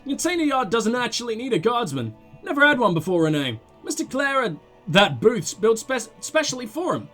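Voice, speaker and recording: A patient, weary older companion, read out by a man in a game playthrough who explains things calmly for his friend. The voice sits high and animated even when tired. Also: fairly quick, faint music behind, heavily acted.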